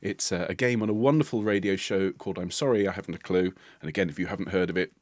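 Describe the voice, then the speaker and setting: A man's voice: deep voice, quick pace, a little mellow, no room sound, clean studio sound. A British man leading a choir livestream, chatting in a playful, jovial way and laughing often. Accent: British English. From United Kingdom. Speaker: choir leader hosting a livestream.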